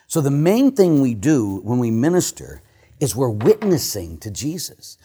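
Lively, joking older male priest. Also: mid-range voice, unhurried, slightly rough. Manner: animated, joking, swings from loud to hushed. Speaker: Catholic priest. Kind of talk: storytelling talk to a church audience.

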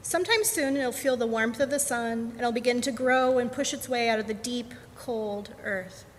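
Tender storybook mother mole, as a woman reads her, soothing, reassuring, higher voice, echoey hall, faint background hum. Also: moderate pace, lightly acted. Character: gentle loving mother mole.

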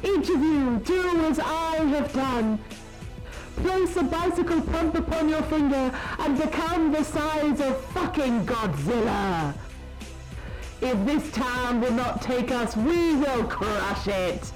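A woman's voice: high-pitched, expressive, takes it slowly, loud music behind the voice, rough recording. A woman voicing a giant woman rebel leader who rallies the town's women to rise up. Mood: rallying. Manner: rousing, commanding speechmaking.

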